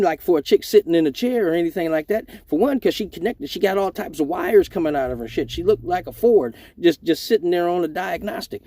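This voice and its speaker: A man's voice: fairly high pitch, dark tone, dry recording. A young man telling a profane story casually, acting out other people's voices along the way.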